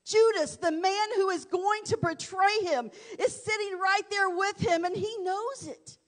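A woman delivers a sermon in a high voice. She talks with dramatic swings, dropping to a hush and then rising to fervent shouting. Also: measured pace. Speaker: preacher.

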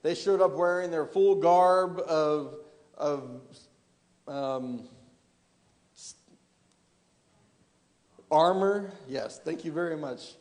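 A man with a fairly high, darkish voice preaches a sermon extremely slowly, pausing often, as long reverb fills the church hall. He poses rhetorical questions to the congregation and frequently restarts his phrases.

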